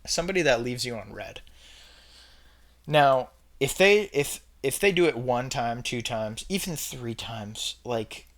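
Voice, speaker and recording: Young male vlogger, average pitch, casual emphatic delivery, repeats himself for effect. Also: lively intonation, a little slow, a bit bright. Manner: emphatic, repeats his points, chatty fillers. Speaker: vlogger ranking red flags. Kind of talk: casual opinion monologue.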